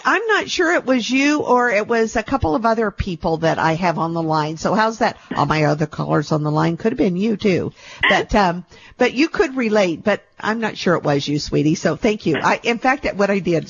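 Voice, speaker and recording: A woman's voice: mid-range voice, animated, fairly quick, breathy edge, dull audio. A woman hosting a call-in radio show, chatty and affectionate, calling callers sweetie and darling. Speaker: radio show host and intuitive reader.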